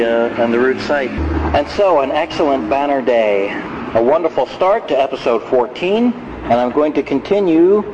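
A man hosting a podcast in a chatty, self-deprecating, rambling way, recorded outdoors. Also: medium pitch. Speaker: podcast host. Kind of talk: casual rambling monologue. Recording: dull lo-fi sound with street noise.

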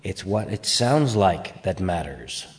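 A man's voice: sits low, sing-song, takes it slowly. Chatty, rambling podcast host man. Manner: chatty, rambling, playful asides. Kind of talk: casual podcast chat.

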